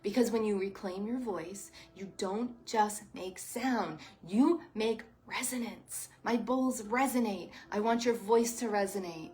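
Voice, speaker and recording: A woman who teaches sound healing and yoga, giving a soft, heartfelt livestream talk to her viewers. She sounds close to tears. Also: mid-range voice, unhurried, few pauses, soft background music. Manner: soft, emotional, heartfelt, addresses viewers as "you guys". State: near tears.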